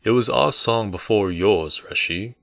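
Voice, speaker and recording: A man's voice: lowish voice, measured pace, vocal fry, fairly bright tone, dry recording, clean studio sound, pitched above the performer's own voice. A man voicing a playful young male innkeeper's assistant who talks in a lilting, teasing way. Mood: subdued.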